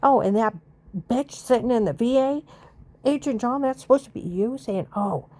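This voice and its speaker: A woman with a dark, mellow voice rants to the camera in a long angry monologue. She is from the United States, swears freely and keeps circling back to the same accusations. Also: a little high, normal speed. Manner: ranting, rambling accusations, swears and repeats herself.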